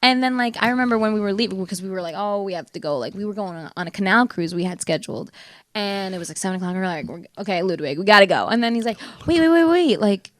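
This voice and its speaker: Animated young woman telling a story. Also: mid-range voice, very fast, no echo, studio quality. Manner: animated, acts out quotes, laughs often. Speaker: podcast co-host. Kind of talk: casual storytelling chat.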